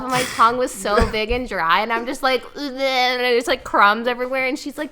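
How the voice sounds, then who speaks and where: A young woman casually telling a funny personal story on a podcast, animated and quoting herself. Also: on the high side, a little fast, few pauses. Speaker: podcast guest, sister of co-host.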